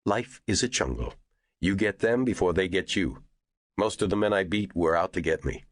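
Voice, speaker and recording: A man's voice: low-pitched, lively intonation, moderate pace, no echo, voice pushed up. A man voicing an arrogant, irritable rich media mogul who speaks in a raised, demanding voice. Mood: boastful.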